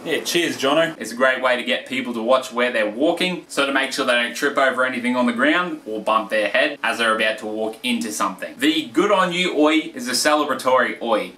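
A man's voice: medium pitch, fairly quick, few pauses, sharp tone, lightly acted. Man doing a laid-back Australian bloke. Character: impression of a male Australian fighter, laid-back. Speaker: comedic presenter. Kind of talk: mock instructional comedy sketch. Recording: echoey room, distant mic, faint hiss.

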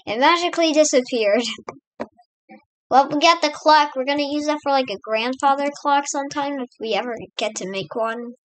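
High-voiced, slow-talking American woman gamer. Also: poor audio. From United States. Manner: chatty, rambling, talks to her in-game pets. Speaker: let's play host. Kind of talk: casual gameplay commentary.

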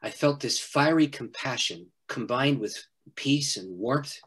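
A middle-aged man, a pastor, telling a personal story in an interview, animated and often laughing. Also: mid-range voice, measured pace, breathy edge. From Canada.

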